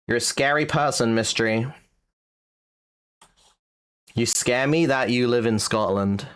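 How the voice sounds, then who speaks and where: British guy streaming, slow unhurried talk, teasing banter with chat, middle pitch. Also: fairly bright tone, smooth. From Britain. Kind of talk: casual livestream chat.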